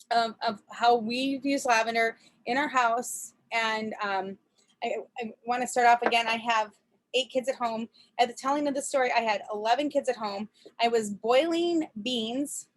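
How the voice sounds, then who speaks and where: A woman chatting casually on a video call from a camper, telling a story with frequent laughs, fillers and restarts. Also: fairly high pitch. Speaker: presenter.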